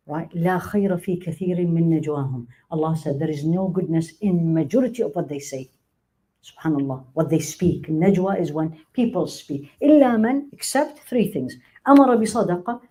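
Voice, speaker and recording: Middle-aged woman teaching faith class, warm low-toned voice, acts out quotes. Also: poor audio. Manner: animated, acts out quoted speech, laughs often. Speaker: Islamic teacher. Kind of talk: religious lecture to a live class.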